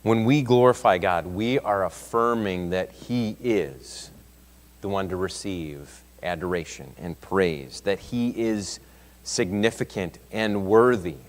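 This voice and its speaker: Low-voiced male Sunday school teacher, chatty, builds emphasis, long church-room reverb. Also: slow. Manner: conversational, reads scripture aloud with rising emphasis. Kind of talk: Bible class teaching. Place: church classroom.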